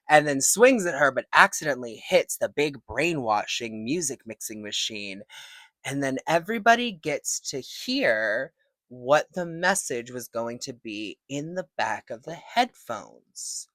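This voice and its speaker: A young woman casually recapping a movie, animated and profane, often laughing. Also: rumbling low, unhurried, no echo. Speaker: movie reviewer.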